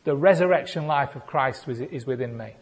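A male pastor, preaching a playful sermon that builds to shouted declarations. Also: mid-range voice, fairly quick, husky. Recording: long hall reverb.

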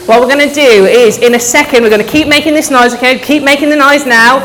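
A woman's voice: on the high side, fairly quick, hardly any pauses, slight background noise. A woman leading an interactive children's talk at church, coaxing the audience to join in, speaking into a microphone to a live crowd. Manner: lively, coaxing, audience participation.

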